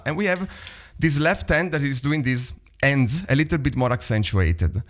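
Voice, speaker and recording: Lively drum teacher with Italian accent. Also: male voice, medium pitch, normal speed, hardly any pauses. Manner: chatty, vocalizes rhythms, counts stickings aloud. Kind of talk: online drum lesson. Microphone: video call.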